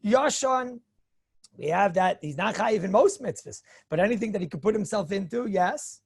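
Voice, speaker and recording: A rabbi delivers a Torah lecture in a gravelly, husky voice, recorded close and dry. He is animated, acts out little back-and-forth dialogues, and often clears his throat and chuckles. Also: sits high, moderate pace, no echo.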